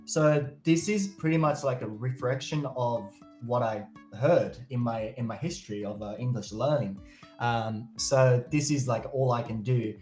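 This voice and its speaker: A man's voice: medium pitch, a little slow, darkish tone, soft background music. Japanese man with Australian-tinged English, roomy echo. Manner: earnest, searching for words. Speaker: host. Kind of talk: casual video-call interview.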